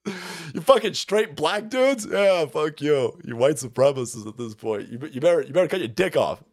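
A man rants on his livestream in a foul-mouthed, mocking way. His voice sits fairly high and swings widely in pitch. He often laughs between phrases. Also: lively intonation, moderate pace, darkish tone. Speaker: livestream host. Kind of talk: profane political rant stream.

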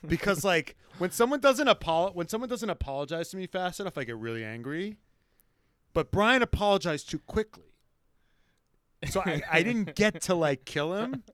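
A man tells a story on his podcast with lots of swearing and acted-out quotes. His voice is bright and carries a lively, rising and falling pitch. The sound is dry and close to the mic. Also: moderate pace, no echo. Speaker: podcast co-host. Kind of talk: casual chat.

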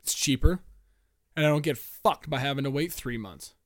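A man's voice: mid-range voice, normal speed, dry recording, studio quality. A young man hosting a solo podcast, ranting with lots of swearing and stammered restarts. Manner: profane, animated ranting with frequent stammered restarts. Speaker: podcast host.

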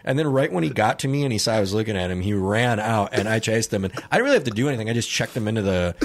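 A young man cohosting a podcast, telling a story in a loose, swearing, laughing way and shouting out the lines he quotes. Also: lowish voice, animated, racing. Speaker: podcast co-host. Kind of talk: casual storytelling chat.

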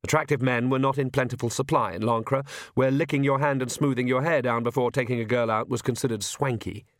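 A man's voice: medium pitch, steady tone, a little fast, dry recording. Man narrating an audiobook, dry and close. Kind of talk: scripted narration.

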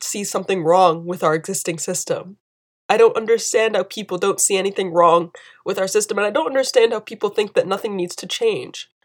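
A young woman hosting a podcast, speaking alone in earnest, emotional commentary and repeating phrases for emphasis. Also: mid-range voice. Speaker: podcast host. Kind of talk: impassioned solo commentary.

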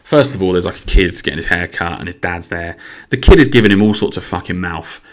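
A man's voice: deep voice, fast talker. A young man hosting a podcast alone, rambling casually into a microphone and swearing freely. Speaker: podcast host. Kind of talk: casual solo podcast monologue.

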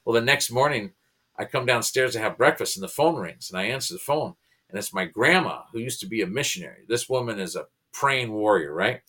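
A man's voice: medium pitch, a little fast, husky. A man, a pastor and comedian, telling his personal conversion story as a podcast guest, earnest and emotional. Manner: earnest, emotional, animated retelling.

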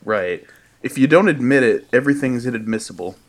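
A man's voice: medium pitch, expressive, fairly quick. A man from the Midwest co-hosting a podcast, chatting and musing about a movie. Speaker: podcast co-host. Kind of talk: casual movie chat.

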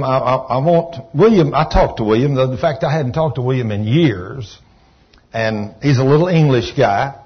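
A man preaching a storytelling sermon in a church, folksy and animated, sometimes rising to shouts of praise. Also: mid-range voice, slightly rough. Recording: dull lo-fi church recording.

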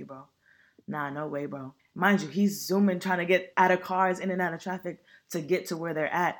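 A young adult in their twenties tells a painful memory on a podcast. The talk is loose and earnest, thick with slang and swearing, at a mid pitch. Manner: casual, slang-heavy and profane, earnest. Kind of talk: personal storytelling.

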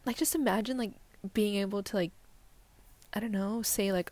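A woman's voice: mid-range voice, moderate pace, long pauses, darkish tone, no echo. A young woman hosting her own solo podcast, rambling casually with lots of fillers and swearing, often dropping to a near-whisper. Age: young adult. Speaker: podcast host.

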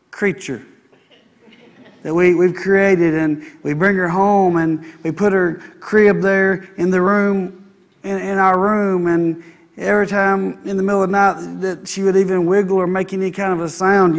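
A man, preaching a sermon in a conversational, folksy way and repeating his phrases. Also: sits high. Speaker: pastor. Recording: long hall reverb.

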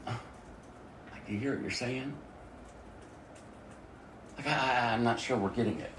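A man preaching a sermon as pastor, emphatic, swinging from quiet asides to loud exhortation. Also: mid-range voice, measured pace, echoey room, slight background noise.

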